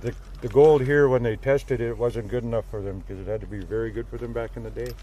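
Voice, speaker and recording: A man who works as a gold miner, telling a story in a blunt, profane, animated way, recorded outdoors at a mine site. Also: mid-range voice, quick pace, slight background noise. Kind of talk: casual storytelling.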